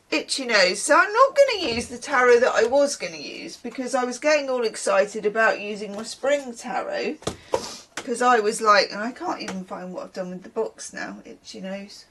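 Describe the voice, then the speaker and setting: A woman's voice: a little high, animated, normal speed, a bit bright, a little hiss or hum. A woman, a tarot reader chatting casually to camera, rambling with wry asides.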